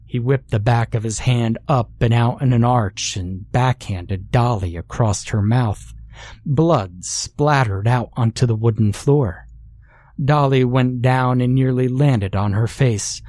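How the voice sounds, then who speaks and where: Slow, measured horror narrator, man. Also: medium pitch, a little mellow, no echo. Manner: slow, measured, dramatic storytelling.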